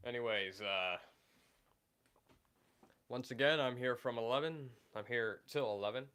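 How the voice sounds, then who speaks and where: With a medium-pitched, slightly bright and smooth voice at a measured pace, a man hosts a casual stream and reads chat aloud. He's recovering from illness, so he rambles and hesitates, leaning on fillers.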